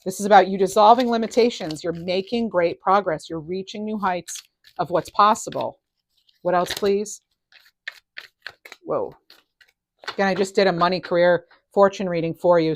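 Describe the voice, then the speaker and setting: A middle-aged woman giving a casual tarot reading, enthusiastic and animated, her voice rising and falling in loudness. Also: lowish voice, slight background noise. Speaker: tarot reader.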